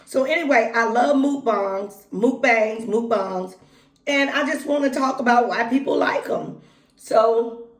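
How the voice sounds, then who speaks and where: Folksy woman chatting while eating. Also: on the high side. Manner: chatty, folksy, talks between bites with pauses. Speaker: vlogger. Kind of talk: casual mukbang vlog, talking while eating. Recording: echoey room.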